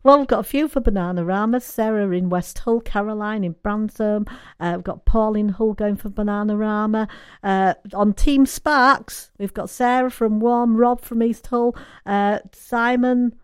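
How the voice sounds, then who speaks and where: A woman hosts a chatty radio show, bubbly and quick to get excited. Her voice sits at an everyday middle pitch. She is heard close and dry on a studio microphone. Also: smooth, no echo. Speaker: radio presenter.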